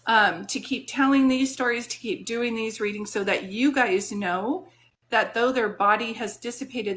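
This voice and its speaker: A woman's voice: on the high side, moderate pace, a bit bright, slight background noise. A woman working as a psychic medium, giving a live-stream reading in a soothing, reassuring, chatty way.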